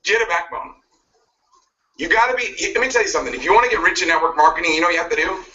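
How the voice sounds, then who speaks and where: High, forceful motivational speaker man. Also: expressive, racing. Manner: forceful, pushy, laughing at his own jabs. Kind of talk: motivational speech. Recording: muffled video played back from a distance.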